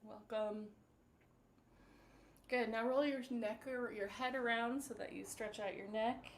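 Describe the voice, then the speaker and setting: A woman vocal coach leading a live-streamed warm-up, giving gentle, encouraging instructions with plenty of fillers. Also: fairly high pitch, fairly even intonation, a little slow, slight background noise.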